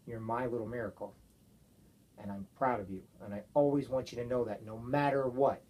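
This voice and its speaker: A father giving his young daughter an earnest, gentle talk, often checking with "okay?". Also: medium pitch, steady tone, fairly quick. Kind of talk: heartfelt talk to his child.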